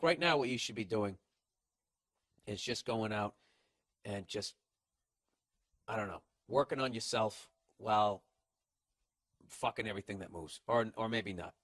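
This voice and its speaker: A man's voice: lowish voice, fairly bright tone, no room sound. Profane ranting male podcast host. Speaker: podcast host giving advice. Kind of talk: comedic advice rant.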